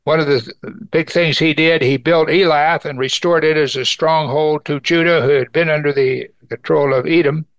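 An earnest man leads an evening Bible study, reading scripture aloud and explaining it. His voice sits a little high and has a gravelly edge. The sound is dry and close. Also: fairly even intonation, normal speed, few pauses, no echo. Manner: earnest, rises in pitch for emphasis, reads scripture aloud. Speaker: Bible teacher.

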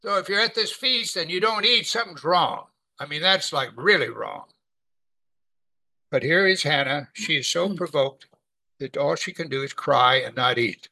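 A man preaching a sermon, teaching from the Bible in a conversational, animated way. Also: on the high side, moderate pace, gravelly, rough recording.

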